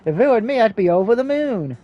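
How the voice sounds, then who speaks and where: A man's voice: sits high, sing-song, a little fast, muffled recording, pitched above the performer's own voice. A man putting on a chirpy schoolgirl. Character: bubbly teenage schoolgirl friend.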